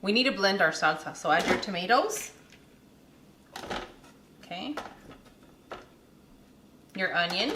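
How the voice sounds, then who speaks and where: A woman's voice: lowish voice, sharp tone, slight background noise. A woman hosting a casual home cooking demonstration, chatty and giggly, talking the viewers through each step. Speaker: cooking show host. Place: home kitchen with frying food.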